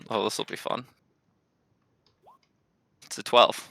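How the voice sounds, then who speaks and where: Blunt casual male player; very bright voice, dry recording. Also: slow, no room sound. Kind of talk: tabletop game play.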